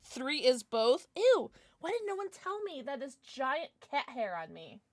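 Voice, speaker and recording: A woman's voice: high-pitched, wildly swooping pitch, moderate pace. A young woman live-streaming, chatting casually and bubbly as she reads her chat aloud, gasping and laughing often.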